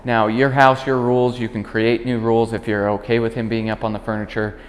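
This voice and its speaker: A man working as a dog trainer, explaining commands in a calm instructional demonstration. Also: brisk, big-room sound. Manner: calm explaining, high-pitched praise to the dog.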